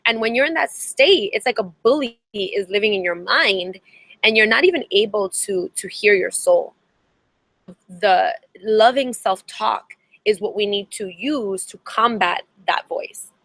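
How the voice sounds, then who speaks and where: A woman's voice: medium pitch, animated, a little slow, a bit bright, no echo, poor audio. A young adult woman therapist giving an earnest webinar talk, often restarting and repeating words. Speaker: therapist and coach.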